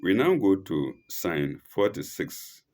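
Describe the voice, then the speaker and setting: Deep-voiced man leading a scripture study, halting, sing-song delivery. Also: big pitch swings, darkish tone. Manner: reads aloud haltingly, repeats and corrects himself; reads Arabic phrases aloud slowly. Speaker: religious teacher. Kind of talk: slow scripture study commentary.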